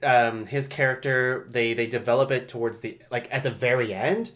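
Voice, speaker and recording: A podcast host in casual movie chat, animated and laughing often, breaking into silly mock voices. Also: mid-range voice, normal speed.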